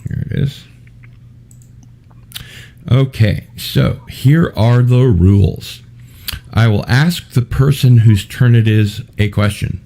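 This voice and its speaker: Low mellow male trivia host. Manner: chatty, jokey, laughs often. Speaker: host of a trivia game show. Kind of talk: casual online game show hosting.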